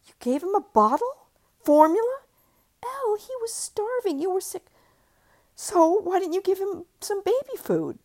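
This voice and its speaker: A woman voicing an overwrought young mother who flares up into shrill outbursts, read from her own novel. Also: moderate pace, gravelly, a little mellow. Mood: furious.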